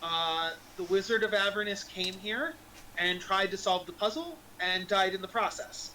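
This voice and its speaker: A man's voice: high voice, bright, forceful tone, a little hiss or hum, rough recording. A man voicing a blunt male impostor who drops his wizard disguise, talking in earnest and tripping over repeated words. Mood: leveling, earnest. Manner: earnest, hurried, repeats himself.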